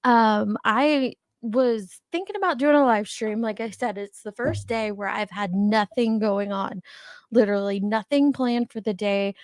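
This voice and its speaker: A woman's voice: mid-range voice, measured pace, no room sound, clean studio sound. An older woman hosting a casual livestream, greeting viewers by name and laughing often in a chatty way. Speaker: livestream host. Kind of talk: casual live chat.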